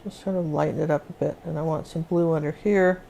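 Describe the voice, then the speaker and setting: An older woman teaching acrylic painting on a live show. Her voice sits a little low, and she chats along as she mixes colors, often stopping and restarting mid-sentence. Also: steady tone, fairly quick, gravelly, mellow. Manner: chatty, talks while working, restarts often. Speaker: painting instructor.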